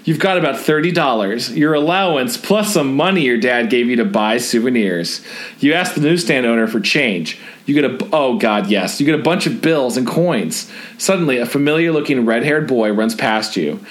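A man's voice: medium pitch, expressive, normal speed. A man hosting a comedy podcast, reading an adventure book aloud with laughing asides. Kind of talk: comedic read-along with banter.

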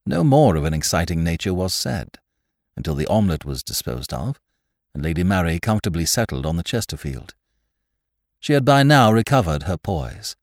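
A male audiobook narrator with a deep, low voice that moves with a lively, expressive melody. He tells the story in a polished, scripted style. The sound is dry and close, with no room around it. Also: normal speed, no echo. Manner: expressive storytelling, rising with excitement.

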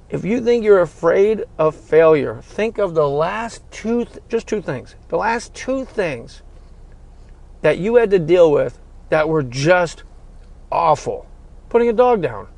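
A man's voice: a little high, vocal fry, a little mellow. A man hosting a podcast, giving a blunt, fervent motivational talk full of swearing. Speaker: podcast host. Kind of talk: motivational monologue.

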